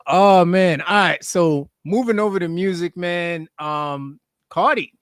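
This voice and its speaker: A man co-hosting a podcast in an animated, slangy way, reading out viewer comments. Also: high-pitched, slow pace, clean tone, no room sound, studio quality. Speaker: podcast co-host. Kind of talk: casual chat.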